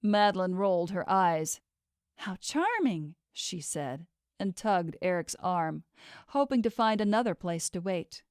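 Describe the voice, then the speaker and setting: A woman narrating a romance novel audiobook in a steady, measured way into a close studio mic. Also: fairly low pitch, clean tone, no room sound. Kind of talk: scripted narration.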